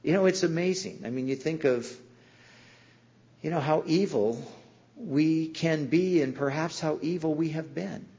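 A man's voice: a little high, measured pace, warm tone, husky, highs cut off. A man preaching a sermon in an earnest way, sometimes acting out the voices in the stories he tells. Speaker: pastor.

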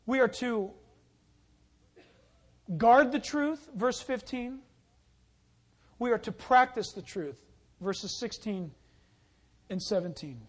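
A high-voiced man preaching a sermon. He moves between reading scripture and telling a lively personal story, calling out loudly when the story peaks. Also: slow, pauses often. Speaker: pastor.

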